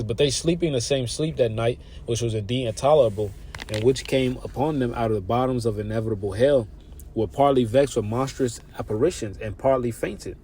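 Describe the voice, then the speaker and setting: A man reading scripture verses haltingly and commenting on them in a loose, slangy preaching style that builds excitement. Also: medium pitch, a little hiss or hum. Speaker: religious teacher.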